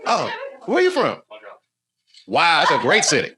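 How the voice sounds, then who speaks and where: A man's voice: a little high, huge pitch swings, measured pace. Rambling male stand-up comic. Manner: rambling, laughs at his own story, banters with the crowd. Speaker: stand-up comedian. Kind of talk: live stand-up storytelling. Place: stage in a comedy club. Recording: live stage recording with noisy audience. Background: audience laughter.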